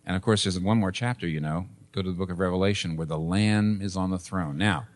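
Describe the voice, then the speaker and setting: A man's voice: deep voice, fairly quick. Emphatic male preacher. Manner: emphatic, with repeated phrases and rhetorical questions. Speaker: pastor. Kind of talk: sermon. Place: church.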